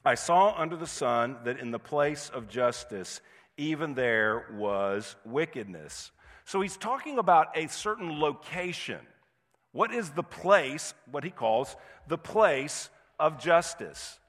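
A man's voice: medium pitch, fairly bright tone. A male pastor preaching a sermon in a conversational way, now and then acting out indignant voices. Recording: long hall reverb.

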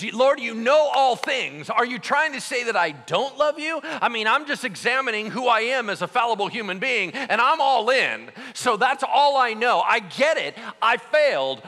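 A man's voice: a little high, pushed and bright, big-room sound, pitched below the performer's own voice, heavily acted. A man voicing an anxious male apostle who feels like a failure, talking defensively and stammering. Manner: defensive, self-doubting, stammering.

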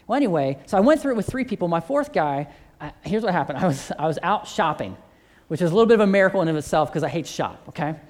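Man telling an animated faith story. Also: on the high side, quick pace. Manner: animated storyteller who acts out both sides of conversations. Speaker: church teacher leading a faith course. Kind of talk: storytelling testimony.

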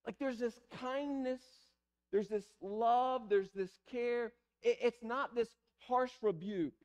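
A male pastor preaching a sermon to his congregation, moving between soft pleading passages and emphatic repeated phrases. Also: very high-pitched, slow pace, dull audio. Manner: pleading, building to emphatic repetition. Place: church sanctuary.

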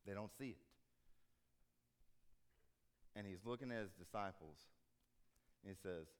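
A man preaching a conversational sermon, telling stories and acting out dialogue in an animated way. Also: low voice, moderate pace, long pauses. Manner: conversational, animated storytelling, acts out quoted dialogue.

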